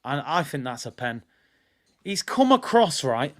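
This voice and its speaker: Young man, raised pitch, live match watch-along host, insistent and repetitive. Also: a little slow. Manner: animated, repeats himself, argues with chat. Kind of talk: casual live match commentary.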